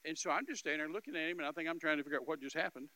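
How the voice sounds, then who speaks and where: A man giving an animated, emphatic storytelling testimony as a minister, with repetitive phrasing and loud bursts. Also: fairly high pitch, racing, dry recording, rough recording.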